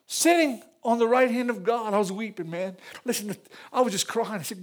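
An older man preaching in a church, emotional, repeating phrases and rising to loud peaks. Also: very high-pitched, brisk. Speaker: pastor. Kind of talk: sermon.

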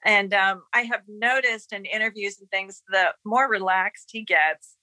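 A woman's voice: mid-range voice, a little slow, pushed and bright, no room sound, rough recording. A woman in a casual chat, telling a story with enthusiasm.

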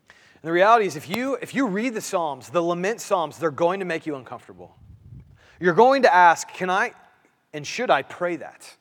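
Male pastor, sermon delivery, earnest with repeated phrases, high voice, long hall reverb. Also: big pitch swings, normal speed. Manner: earnest preaching, repeats phrases, voice rises and drops.

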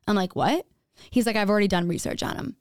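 A young woman tells her own story candidly and casually, saying "like" often and acting out what others said. She talks fast in a mid-range, slightly mellow voice, with a dry, clean studio sound.

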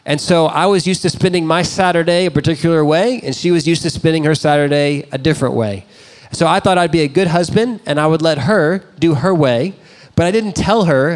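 A man's voice: a little high, fairly quick. Conversational storytelling man preacher. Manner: conversational, self-deprecating storytelling. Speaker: pastor. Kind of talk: sermon with personal stories.

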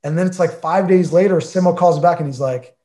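A man's voice: fairly high pitch, fairly quick, mellow. A man in his forties, an interview guest, telling a story in a chatty way with many fillers and acted-out conversations. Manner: chatty, filler-heavy, acts out quoted conversations. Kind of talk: casual anecdotal storytelling.

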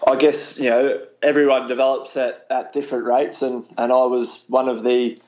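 A man with an Australian accent being interviewed, answering in a relaxed, hesitant way with frequent restarts and "you know". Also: medium pitch, moderate pace, muffled recording. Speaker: interview guest, cricketer. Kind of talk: casual interview chat.

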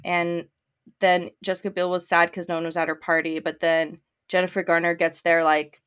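A woman co-hosting a casual podcast, retelling movie scenes and acting out the characters' lines in quick quoted bits. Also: fairly low pitch, level tone, fairly bright tone, clear, resonant tone. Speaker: podcast co-host. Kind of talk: casual chat.

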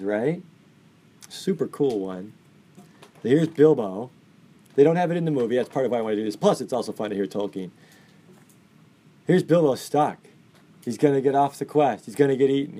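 A man's voice: medium pitch, expressive, normal speed, pauses often, mellow. A man teaching an English class, enthusiastic and full of questions to his students. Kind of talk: classroom lecture.

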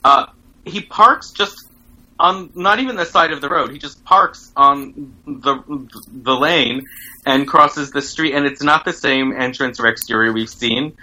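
A man's voice: medium pitch, a little slow, sharp tone, low-quality recording. A man co-hosting a podcast, adding dry asides while recapping a TV drama. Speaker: podcast co-host. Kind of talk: casual chat.

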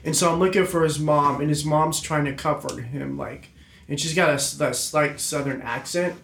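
A man's voice: on the high side, fairly even intonation, normal speed, vocal fry, a bit bright, slight background noise. A man telling a rambling, swear-laced story in a casual chat with friends, full of restarts. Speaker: storyteller on a group podcast. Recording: roomy echo.

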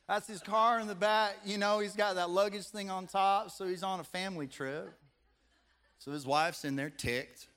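Bright high-voiced man preaching a sermon. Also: steady tone, normal speed, few pauses. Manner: playful, audience-engaging, asks the room questions. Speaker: pastor. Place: church sanctuary with a congregation. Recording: long hall reverb.

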